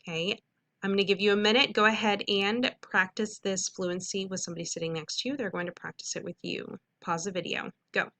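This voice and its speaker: A woman teacher giving a recorded phonics lesson to students, speaking in a clear, patient, instructive way and slowly stretching out sounds. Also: medium pitch, fairly even intonation, a bit bright.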